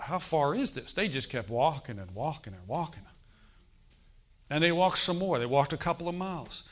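A middle-aged pastor with a slightly high voice tells stories during a sermon. He acts out the voices of the people in them, swinging between hushed tones and loud ones.

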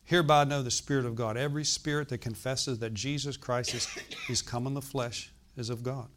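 A man's voice: mid-range voice, steady tone, a little fast, fairly bright tone, a little hiss or hum. A man in his sixties preaching a sermon as pastor, emphatic and often asking the congregation to answer. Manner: emphatic, asks the congregation questions.

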